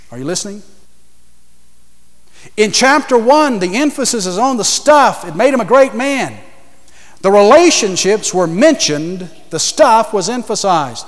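A man's voice: sits high, big-room sound. A man preaching a sermon to a congregation, emphatic, asking questions and repeating his key points.

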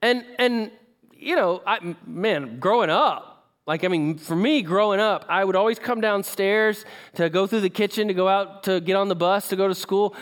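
A man preaching, telling a personal story in a conversational, emotional way and asking the audience questions. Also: sits high. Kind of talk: sermon storytelling.

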